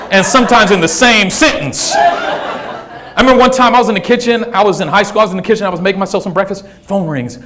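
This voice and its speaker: A male stand-up comedian telling family stories in an animated, acted-out way. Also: high voice, noisy background. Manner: animated, act-out storytelling. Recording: live show with audience laughter.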